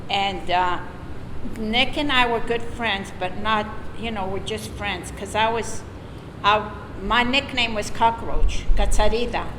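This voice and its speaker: A woman's voice: mid-range voice, unhurried. Older woman telling stories, echoey hall. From Florida. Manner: lively, laughs often while telling stories. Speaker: oral history storyteller. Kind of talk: casual storytelling. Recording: echoey hall, noisy room.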